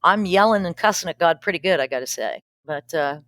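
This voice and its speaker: A woman's voice: on the low side, lively intonation, brisk, a bit bright, dry recording. A woman pastor telling a personal story in conversation, frank and earthy. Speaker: pastor and peacemaker guest.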